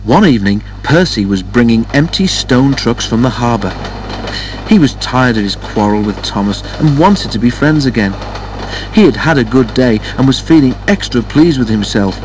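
A man reads a children's storybook aloud with steady, measured pacing at a middling pitch. A faint background noise runs beneath his voice. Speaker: narrator. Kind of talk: storybook reading.

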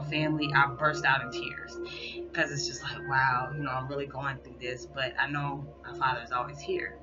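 A woman rambling in a casual, heartfelt monologue as a spiritual vlogger, peppering her talk with "you know". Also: rumbling low. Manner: rambling, soft-spoken, full of "you know". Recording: dull lo-fi recording with background music. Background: soft background music.

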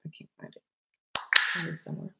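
A woman's voice: quick pace, heavy background noise. A middle-aged woman with a Southern accent chatting casually through a makeup tutorial, playful and often dropping to a murmur. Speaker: beauty vlogger.

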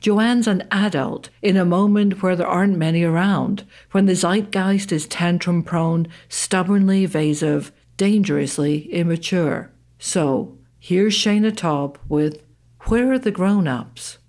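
A woman's voice: fairly low pitch, a little slow, a little mellow. A woman podcast host reading a scripted event announcement in a polished, articulate way.

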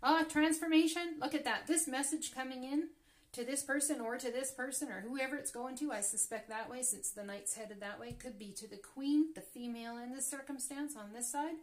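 A woman's voice: high voice, a little fast. A woman reading tarot cards for her viewers, often gasping and exclaiming as cards turn up. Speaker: tarot reader. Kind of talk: casual tarot reading to camera.

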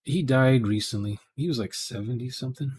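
A man's voice: medium pitch, brisk, darkish tone, slightly rough. Rambling man on a live stream. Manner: rambling, digressive, thinks aloud with restarts. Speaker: live-stream programmer chatting with viewers. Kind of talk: casual live-stream chat.

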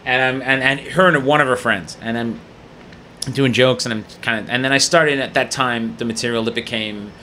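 A man, a guest comedian on a studio podcast, telling a profane story in an animated way, laughing often and acting out the people in it. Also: medium pitch, moderate pace, slight background noise.

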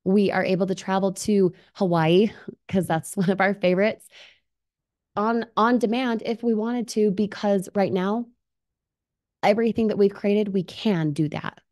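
A woman's voice: mid-range voice, fairly even intonation, measured pace, a little mellow. A woman presenting a live online webinar, upbeat and persuasive, often asking viewers questions and reading their comments aloud. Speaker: livestream presenter.

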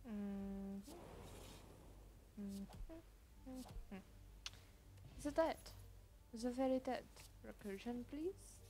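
A woman gives unhurried, casual commentary on her own gameplay. Her pitch swings up and down a lot as she mutters to herself, and she swears whenever a move goes badly. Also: expressive, dark tone, slight background noise. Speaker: gaming channel host.

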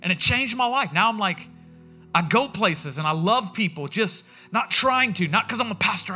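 Male pastor, high bright voice, chatty sermon delivery. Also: animated, moderate pace, faint music behind. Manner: conversational storytelling, acts out quoted voices. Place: church sanctuary.

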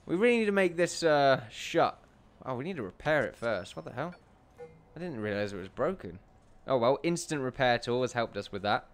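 A man giving rambling gameplay commentary, chatty and self-amused, who often laughs and calls his viewers ladies and gentlemen. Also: medium pitch, animated, moderate pace, smooth. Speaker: let's play commentator.

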